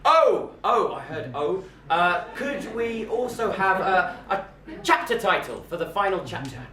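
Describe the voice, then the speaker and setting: A man with a very high voice hosts a live improv show, playful and theatrical as he talks to the crowd. He is recorded from far off in an echoey pub room, with a lively audience all around him. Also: a little slow. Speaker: improv host. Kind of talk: live improv comedy hosting.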